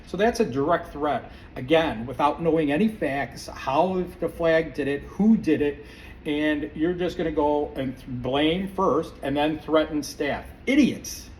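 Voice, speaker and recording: A man's voice: a little high, measured pace, darkish tone, a little hiss or hum. A man hosting a podcast, delivering a heated, sarcastic opinion monologue full of restarts. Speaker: podcast host. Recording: distant mic with faint room ambience.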